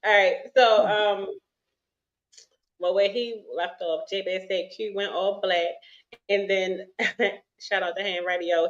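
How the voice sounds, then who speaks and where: A woman's voice: medium pitch, muffled recording. A woman co-hosting a casual talk stream, reading comments aloud, laughing and teasing. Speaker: podcast co-host.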